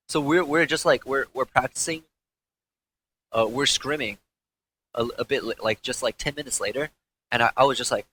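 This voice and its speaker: A man's voice: medium pitch, moderate pace, bright, forceful tone, slight background noise, poor audio. A young man, a former pro gamer, recounting events in a candid interview, rambling and profane with frequent restarts.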